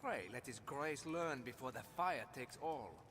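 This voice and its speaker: A man's voice: medium pitch, animated, unhurried, fairly bright tone, a little hiss or hum. An actor playing a grave male knight with a French accent, speaking in stern, formal archaic words.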